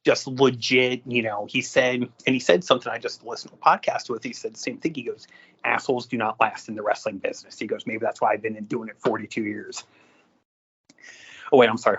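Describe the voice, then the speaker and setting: A man's voice: medium pitch, brisk, breathy edge. A man co-hosting a podcast, telling casual anecdotes and acting out what people said. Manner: animated anecdotes, acts out quotes. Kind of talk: casual storytelling. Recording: dull lo-fi audio.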